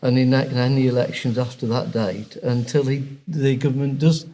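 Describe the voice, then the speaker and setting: A man with a mellow voice speaks as a local campaigner in a podcast interview. He talks haltingly, with frequent pauses and filler sounds between his points. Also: medium pitch, fairly even intonation. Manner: hesitant, many fillers and pauses.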